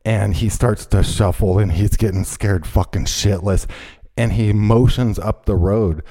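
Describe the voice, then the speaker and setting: A man with a low, dark, mellow voice tells a story in a heated, profane rush. He keeps breaking into loud acted-out quotes of what he shouted. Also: a little slow. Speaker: podcast host. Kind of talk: casual chat, storytelling.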